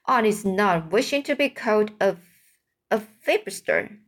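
Lady doing a gentle giant from a storybook, slow and earnest, mixed-up grammar. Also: medium pitch, expressive. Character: kindly giant man, odd grammar.

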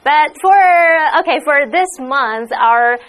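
A woman's voice: high voice, expressive, slow, a bit bright, soft background music. A woman co-hosting an English lesson show, chatting playfully and giggling now and then. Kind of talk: casual chat.

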